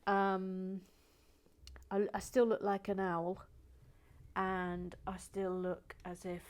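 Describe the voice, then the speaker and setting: A woman hosting a building video, chatting casually and self-deprecatingly, slipping between whispers and soft talk. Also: medium pitch, completely flat delivery, slow pace. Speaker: host of a building channel. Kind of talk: casual chat while building, partly whispered.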